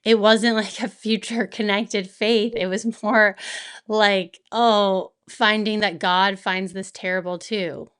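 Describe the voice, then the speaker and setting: A woman guest speaking in an interview, open and reflective, often laughing softly as she talks. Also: mid-range voice, steady tone, takes it slowly, smooth. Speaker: author and guest. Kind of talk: candid interview conversation.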